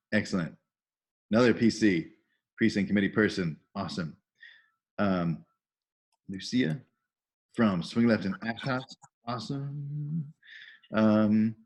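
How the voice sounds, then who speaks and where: A middle-aged man hosting a video call training, casually welcoming people and cheerfully reading out chat messages with praise. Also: lowish voice. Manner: enthusiastic, reads out chat messages with upbeat praise. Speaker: volunteer trainer and call host.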